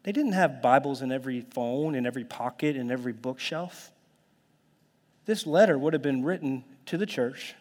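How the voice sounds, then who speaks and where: Animated pastor in a reverberant hall. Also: male voice, medium pitch, moderate pace. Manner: animated, conversational preaching with dramatic whispers and shouts. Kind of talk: sermon.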